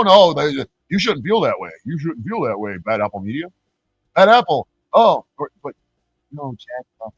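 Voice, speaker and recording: A man's voice: high voice, fairly bright tone, lo-fi sound. A man streaming a profane, mocking rant, laughing between points and mimicking his critics in sing-song voices. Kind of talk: ranting livestream monologue.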